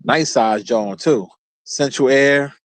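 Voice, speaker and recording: A man's voice: mid-range voice, slow, no echo. A man hosting his own show, telling loose, rambling stories in a casual, profane, laid-back way. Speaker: show host. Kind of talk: casual storytelling monologue.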